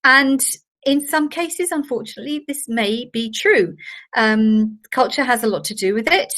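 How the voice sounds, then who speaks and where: Older woman workshop trainer, slightly high voice, chatty anecdotal delivery. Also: lively intonation, moderate pace, fairly bright tone. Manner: chatty, anecdotal, with fillers and laughs. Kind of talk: online masterclass talk.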